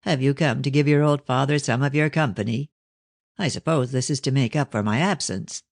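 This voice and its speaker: A man voicing a stern, guarded older Victorian father who speaks in a measured, ironic way in an audiobook. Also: medium pitch, gravelly, dry recording, studio quality. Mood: fond. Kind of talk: audiobook reading of a novel.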